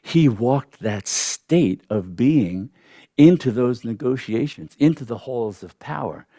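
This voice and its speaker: An older man teaches meditation in a reflective, unhurried way. His mellow voice rises and falls with lively pitch, and he drops in soft thoughtful hums between points. The sound is dry and close. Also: dry recording. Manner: reflective, with soft "mm" and "hmm" pauses. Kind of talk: spiritual teaching talk.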